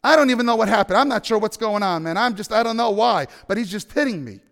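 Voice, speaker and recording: A man's voice: high voice, expressive, fast, vocal fry, fairly bright tone, big-room sound. A man preaching a sermon by telling a personal story, acting out the dialogue and asking the audience questions. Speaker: pastor.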